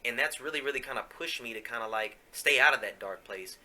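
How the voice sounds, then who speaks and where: A man's voice: medium pitch, quick pace, sharp tone. A man hosting a podcast, telling a candid personal story in a casual, profane, confessional way with plenty of fillers. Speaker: podcast host.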